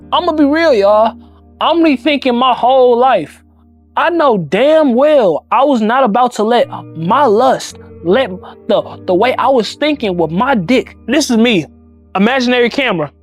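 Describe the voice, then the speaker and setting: A young man telling a personal story in casual slang, acting out the other people in it. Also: very high voice. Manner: animated, slangy, acts out voices.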